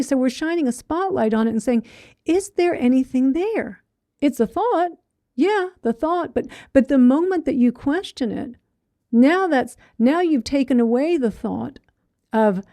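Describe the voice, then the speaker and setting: Woman, dharma talk, mellow slightly high voice, dry close sound, chatty. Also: lively intonation, unhurried, long pauses, dry recording. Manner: conversational, voices inner thoughts in quotes, frequent "right?". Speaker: meditation teacher.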